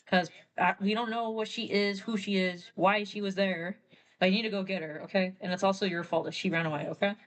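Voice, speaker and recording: A woman's voice: fairly low pitch, flat delivery, normal speed, pauses often, close to an everyday voice. A woman voicing a cranky old male leader who gives rambling, bossy orders.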